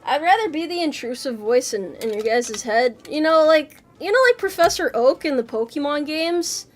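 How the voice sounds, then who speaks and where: A high-pitched, expressive woman talks at a normal pace while streaming as a VTuber from her home PC, casually answering her chat. She's chatty and playful, swearing often and muttering and exclaiming to herself as she assembles a model.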